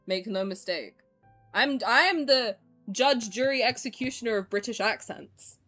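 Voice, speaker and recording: A woman's voice: a little high, expressive, normal speed, pushed and bright, faint music behind. A young woman streamer chatting casually while playing, sarcastic and swearing freely. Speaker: game streamer. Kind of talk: casual gameplay commentary.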